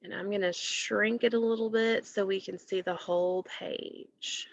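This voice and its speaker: A woman teacher giving a recorded phonics lesson to children, explaining patiently and clearly. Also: mid-range voice, fairly even intonation, measured pace, no room sound. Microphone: computer mic while screen sharing. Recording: dull lo-fi recording.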